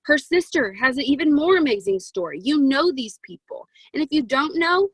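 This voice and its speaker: A young woman in her twenties coaches her sales team over a video call, chatty and excitable, with a lot of "um" and "right?". Her voice sits a little high. The sound is close and dry, with no room echo. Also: moderate pace. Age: 20s. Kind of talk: motivational team coaching talk. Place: home walk-in closet.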